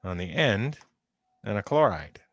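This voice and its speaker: A man with a lowish voice and big pitch swings gives an online chemistry lecture a little slowly, recorded lo-fi on a computer microphone at home or in an office. He keeps it conversational, going over key points again and emphasizing warnings.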